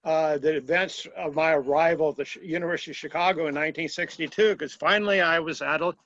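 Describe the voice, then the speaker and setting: An older man calling in to a coaching call, speaking in a measured, reflective way. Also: on the high side, fairly even intonation, fairly bright tone, no room sound, muffled recording.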